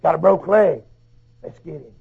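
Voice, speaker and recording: A man voicing sly old male wolves plotting over a sick sheep in a low mutter. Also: normal speed, vocal fry, husky, full character voice. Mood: scheming. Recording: dull lo-fi recording.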